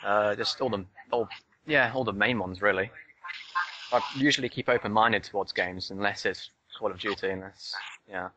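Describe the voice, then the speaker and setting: A man's voice: lowish voice, moderate pace, sharp tone, lo-fi sound, slight background noise. A man chatting casually on a podcast, laid-back and a little hesitant. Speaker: forum moderator, podcast guest. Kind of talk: casual chat.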